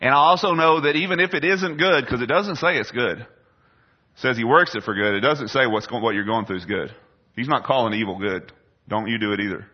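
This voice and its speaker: A man's voice: mid-range voice, fairly quick. A middle-aged man preaching a sermon in a conversational way, putting questions to the congregation. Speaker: pastor. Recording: dull lo-fi sound.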